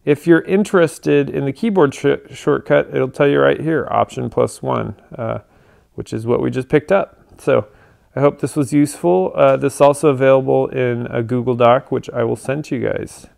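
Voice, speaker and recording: Man, casual tutorial presenter, gravelly yet smooth tone, loose filler-heavy delivery. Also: mid-range voice, normal speed. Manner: relaxed, with frequent ums and uhs.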